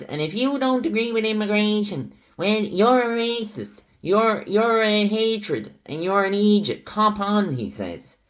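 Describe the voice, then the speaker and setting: A young Irish man, hosting his own channel, delivering a heated, ranting political commentary monologue. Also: medium pitch. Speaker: channel host.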